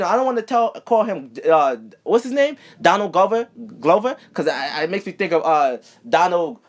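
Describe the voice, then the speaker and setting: A man hosting a casual movie review show, talking animatedly and profanely and acting out characters in quick asides. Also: high voice.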